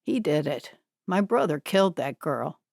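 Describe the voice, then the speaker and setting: A shifty young man with a menacing edge who bristles defensively, as a woman puts him on. His voice sits low and dark and speeds up when he is pushed. The sound is dry and close. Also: sing-song, measured pace, creaky, dry recording, heavily acted.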